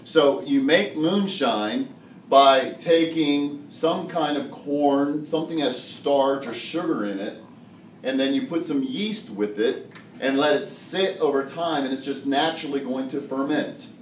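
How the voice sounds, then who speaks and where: A man's voice: mid-range voice, measured pace, slight background noise. Male chemistry teacher, jokey lecturer, captured from far off in a roomy classroom. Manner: joking, animated explainer who laughs often. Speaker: high school chemistry teacher.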